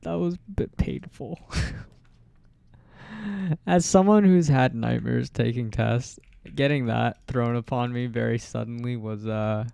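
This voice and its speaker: A man's voice: medium pitch, gravelly, darkish tone, clear, resonant tone, no room sound. A man giving casual let's-play commentary, thinking aloud, rambling and self-deprecating, often laughing at himself. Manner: thinks aloud while playing. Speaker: gameplay streamer.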